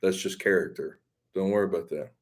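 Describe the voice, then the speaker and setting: A man's voice: low-pitched, fairly even intonation, brisk. A man with a Southern accent, hosting a live stream and chatting casually with viewers in a rambling, folksy, self-deprecating way. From Mississippi.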